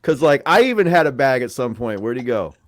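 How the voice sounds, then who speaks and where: A young man co-hosting a podcast, chatting in a laid-back, slangy way. His voice sits at an ordinary middle pitch, and his banter is loose and easygoing. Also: big pitch swings, a little fast, noisy background. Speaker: podcast co-host. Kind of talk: casual chat.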